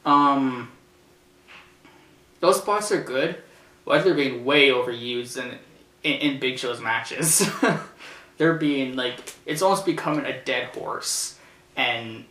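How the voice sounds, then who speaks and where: A man hosting a casual review, rambling and hesitant with many fillers and restarts, breaking into loud shouted impressions as he retells the action. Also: mid-range voice, takes it slowly, long pauses. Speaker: show host reviewing a wrestling event. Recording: roomy, distant from the mic, faint noise.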